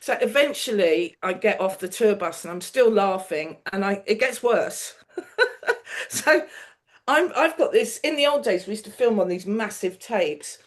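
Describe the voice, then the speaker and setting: A woman's voice: medium pitch, moderate pace. Laughing woman telling stories. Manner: animated storyteller, laughs often, mimics people in quotes. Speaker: guest, TV producer. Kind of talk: casual chat, anecdote telling.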